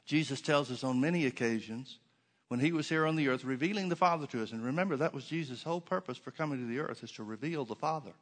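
A man's voice: mid-range voice, quick pace. A man preaching a sermon to his congregation in a church, emphatic, with many rhetorical questions and repeated phrases. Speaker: pastor.

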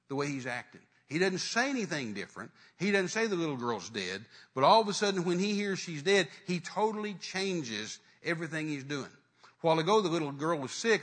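A man preaching a sermon, retelling a story dramatically with acted-out voices and sudden loud rises. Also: a little high.

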